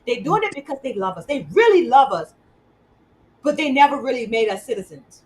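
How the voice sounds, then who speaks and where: Woman hosting a talk show, rather high. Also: very animated, fairly quick, darkish tone, poor audio. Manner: conversational, repeats words as she builds points. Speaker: host. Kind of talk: interview conversation.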